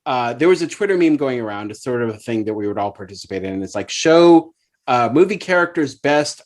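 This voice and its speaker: A man in his forties co-hosts a podcast, sharing movie memories in casual chat, often stammering and restarting. His medium-pitched voice is brisk with lively intonation.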